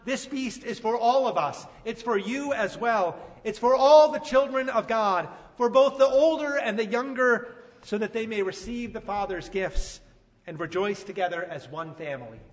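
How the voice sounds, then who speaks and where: Man as a tender forgiving father, soft and pleading, reverberant hall. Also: sits high, moderate pace, lightly acted. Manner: pleading, peaceful. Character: gentle, forgiving father of grown sons.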